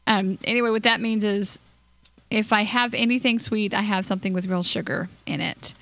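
A woman's voice: mid-range voice, fairly even intonation, normal speed, gravelly, a bit bright. A young woman casually commenting on her gameplay, chatty and scattered, giggling and cooing at little in-game creatures. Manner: hyper and scattered. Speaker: let's play host.

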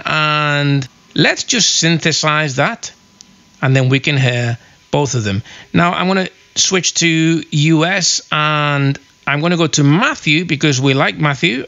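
A man hosts a casual review, talking viewers through software step by step in a chatty way. His voice sits fairly high. It has a bright, forceful edge. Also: unhurried, dull audio. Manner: chatty, explanatory walkthrough.

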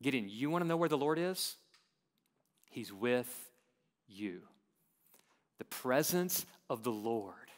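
A pastor preaching a sermon in a church, with a light Texan accent, swinging from loud emphatic questions down to quiet, drawn-out endings. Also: male voice, medium pitch, lively intonation.

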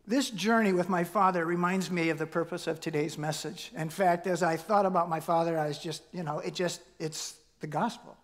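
A middle-aged man preaching a sermon in a church, in a conversational way with fillers and restarts. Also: high-pitched. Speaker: pastor.

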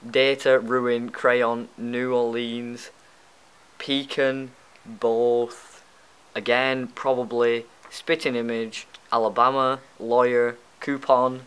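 A man's voice: mid-range voice, flat delivery, takes it slowly, fairly bright tone, smooth, rough recording. A young man with a Lancashire accent, chatting casually and bluntly in a vlog, swearing now and then. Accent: northern English, Lancashire. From Lancashire, England. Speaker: YouTube vlogger. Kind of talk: casual chat, doing a tag video.

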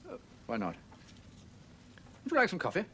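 A diffident old army gentleman. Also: a little high, wildly swooping pitch, moderate pace, slight background noise. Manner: diffident, self-deprecating, mumbling. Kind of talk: 1970s television period drama.

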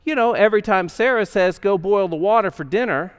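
A man's voice: sits high, brisk, clean tone. A male pastor preaching a sermon in a conversational storytelling manner, acting out the characters' voices. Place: church sanctuary. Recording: long hall reverb.

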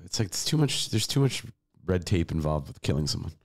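A man on a podcast throws in dry, offhand remarks. His low voice swings very widely in pitch. He sounds a little further from the microphone than the others. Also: very animated, a little fast. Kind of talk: casual podcast chat.

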